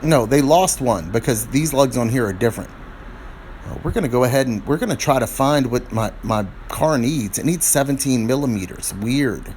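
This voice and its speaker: Filmed on a phone camera in a noisy outdoor recording, a middle-aged product reviewer chats his way through a DIY tire review, rambling and growing irritated as he works on his car. His voice is mid-range and darkish, with lively intonation at a normal speed.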